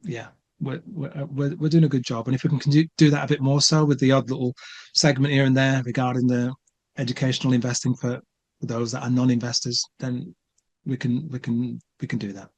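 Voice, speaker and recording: A man's voice: medium pitch, little pitch movement, fairly quick, a little mellow, slightly rough. A man co-hosting a podcast. He speaks with plain enthusiasm and often stumbles and repeats words as he gathers his thoughts. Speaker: podcast co-host. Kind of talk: casual chat.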